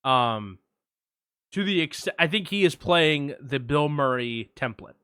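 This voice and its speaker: A man co-hosting a film podcast, chatting with quick asides and restarts. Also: on the high side, animated, a bit bright, smooth, no echo, clean studio sound. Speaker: podcast co-host. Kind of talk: casual film discussion.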